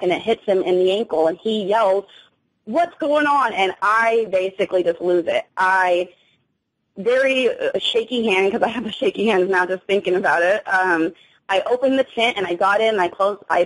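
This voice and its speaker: Halting young woman telling a frightening story. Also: medium pitch, low-quality recording. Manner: halting, with many restarts and fillers. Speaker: guest recounting an encounter. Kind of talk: emotional first-person account.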